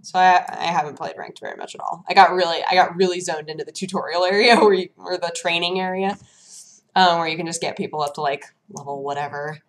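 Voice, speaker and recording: A woman vlog host chatting casually and telling lively stories, acting out her own reactions in hushed voices. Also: fairly low pitch, fast talker. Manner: animated storytelling, acts out her own quotes in hushed voices. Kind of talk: casual chat.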